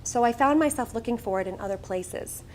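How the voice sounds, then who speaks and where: A middle-aged woman with a Long Island accent tells her life story to an audience, candid and quick to poke fun at herself. Her voice sits a little high. Faint background noise lies under it. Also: lively intonation. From Long Island, New York. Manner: candid and self-mocking, with wry asides. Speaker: guest speaker at a charity breakfast. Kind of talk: personal storytelling speech. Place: event room, speaking to an audience.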